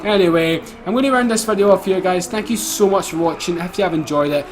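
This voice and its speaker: Excitable, high-voiced Scottish young man. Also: fast. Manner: excitable, swears freely, laughs often. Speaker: gaming YouTuber. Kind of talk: casual gameplay commentary.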